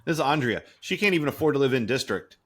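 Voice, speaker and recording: Fast-talking and mid-range in pitch, this man co-hosts a podcast in loose chat. He's an animated storyteller who performs the quotes he relays.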